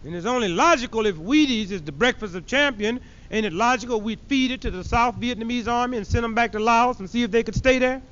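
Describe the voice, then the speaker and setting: A man's voice: extremely high pitch, quick pace, hardly any pauses, fairly bright tone. A man performing a stand-up comedy routine with a punchy, mocking delivery that acts out characters, on a dull lo-fi 1970s archive recording.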